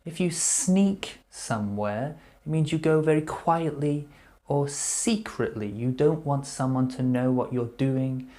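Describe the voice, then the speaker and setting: A man teaching English vocabulary, repeating each word slowly and clearly before explaining what it means. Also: medium pitch, mellow. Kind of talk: slow vocabulary lesson.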